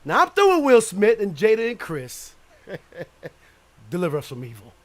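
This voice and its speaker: A man hosting an internet radio talk show in a loud, profane rant, often breaking into laughter. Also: high-pitched, measured pace. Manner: animated, profane, frequently laughing, shouts at times.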